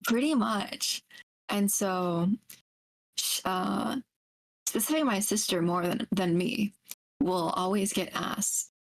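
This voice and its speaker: A woman's voice: medium pitch, takes it slowly, creaky, long pauses. Woman enunciating carefully in casual chat. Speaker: podcast co-host.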